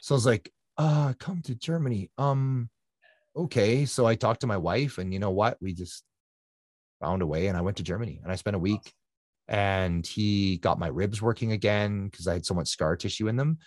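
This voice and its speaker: A man's voice: fairly low pitch, normal speed, a little mellow, dry recording, studio quality. A man, a guest endurance athlete, telling his personal story in an earnest, reflective conversational way, often repeating phrases for emphasis.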